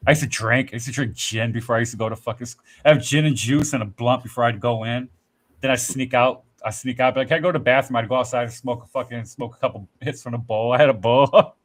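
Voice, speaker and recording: Profane, rambling man telling stories. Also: medium pitch. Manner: rambling, profane storytelling with acted-out quotes. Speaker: podcast host. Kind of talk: casual podcast chat.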